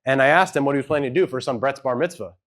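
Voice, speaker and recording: A man's voice: medium pitch, very fast, a bit bright. Man telling a story on stage. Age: adult with children. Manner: conversational, hedging, acts out quoted dialogue. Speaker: speaker at a live event. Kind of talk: storytelling keynote talk. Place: event hall with audience.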